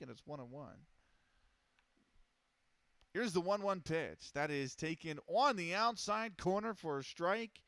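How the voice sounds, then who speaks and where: A man streaming casual play-by-play of a simulated baseball game, measured and steady, often pausing on fillers and correcting himself. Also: on the high side, no echo.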